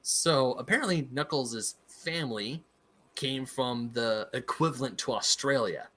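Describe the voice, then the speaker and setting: An American man hosting a relaxed video game podcast, talking with eager, laughing enthusiasm. He rambles happily through nerdy tangents in a conversational tone. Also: medium pitch, measured pace. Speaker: podcast host. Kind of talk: casual podcast chat.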